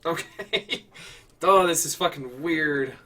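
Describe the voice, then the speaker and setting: A man's voice: medium pitch, unhurried, pushed and bright, distant mic. A man hosting a casual prompt show, rambling and correcting himself as he talks, with frequent swearing. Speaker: host. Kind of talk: casual improv prompt chat.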